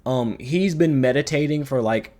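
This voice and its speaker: A man's voice: mid-range voice, normal speed, a little mellow. A man giving a ranting video review, sarcastic, profane and exasperated. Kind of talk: ranting commentary.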